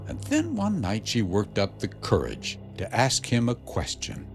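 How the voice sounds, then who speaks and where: Man, news narrator, scripted and dramatic, very animated pitch, music bed. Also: measured pace, gravelly. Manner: dramatic storytelling delivery.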